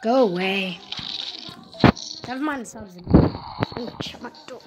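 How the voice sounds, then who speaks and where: A woman with a fairly high voice comments casually on a game from home, with music playing in the background. She sounds excitable and panicky, blurting out repeated words in quick bursts.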